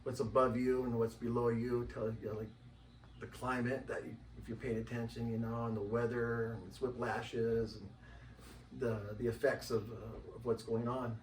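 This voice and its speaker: A man talking casually as an interview guest, rambling and animated and acting out the voices of people he quotes. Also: medium pitch, moderate pace, slight background noise. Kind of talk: casual conversation. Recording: roomy, distant mic, faint ambience.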